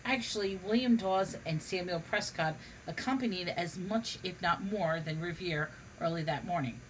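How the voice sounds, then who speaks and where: A woman's voice: on the low side, moderate pace, a little hiss or hum, poor audio. A woman reading a humorous history book aloud, now and then stumbling and restarting on a word. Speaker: reader.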